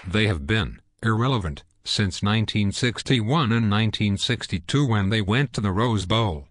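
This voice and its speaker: Dry mock-serious man, low voice. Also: fairly bright tone, no room sound. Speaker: co-host of a comedic sports show. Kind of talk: jokey scripted banter.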